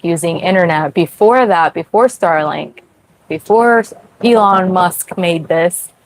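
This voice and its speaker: Slow-talking young woman chatting from a sailboat. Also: fairly low pitch, darkish tone, a little hiss or hum, rough recording. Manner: chatty, laughs often, many "like" fillers. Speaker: sailing livestream host. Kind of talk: casual livestream chat with viewers. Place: sailboat at sea.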